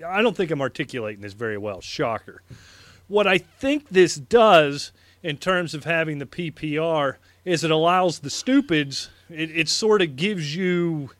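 Man, sports podcast co-host, bright forceful voice, rambling, dry studio sound. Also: a little high, no room sound. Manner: rambling, self-deprecating, restarts. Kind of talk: casual sports chat. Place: small radio studio.

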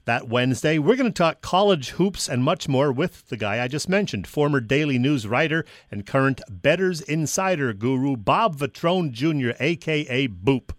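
A man co-hosting a casual sports radio chat, relaxed and jokey as he tells stories. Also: medium pitch, moderate pace, hardly any pauses, no room sound, studio quality. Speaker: co-host.

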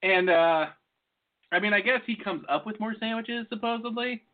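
A man's voice: sits high, normal speed. A man co-hosting a podcast, joking and rambling in casual banter. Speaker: podcast co-host. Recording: phone-like lo-fi audio.

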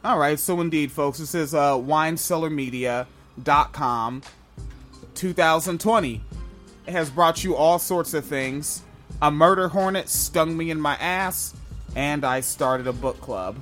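A man's voice: fairly high pitch, measured pace, fairly bright tone, soft background music. A man in his thirties hosting a podcast book club in casual chat, joking, profane and rambling. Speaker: podcast host.

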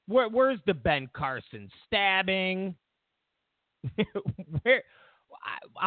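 Speaking extremely slowly with long pauses, a man with a high-pitched, very animated voice hosts his own show. He offers a casual political rant, sarcastic and mocking about the news. The dry recording has no room sound and a tinny, phone-like quality.

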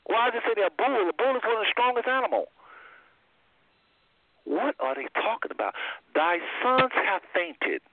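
A man hosting a call-in show who teaches from the Bible, preaching emphatically and swinging his voice high and low. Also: sing-song, moderate pace, pauses often, dry recording. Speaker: host. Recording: tinny phone line.

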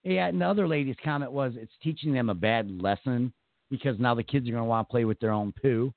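A man's voice: mid-range voice, quick pace, dry recording, phone-quality sound. A man hosting a radio talk show in casual, joking chat, often laughing and mocking.

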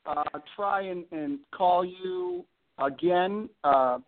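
A man's voice: sits high, slow pace. A man with a Boston accent, a modest and hesitant interview guest who speaks with lots of fillers. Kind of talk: casual interview chat. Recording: tinny phone line.

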